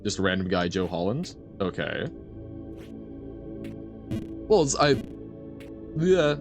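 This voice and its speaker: Lively low-voiced male streamer. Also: slow, over music. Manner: animated, rambling, self-correcting, answers chat. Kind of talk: casual live-stream chat while gaming.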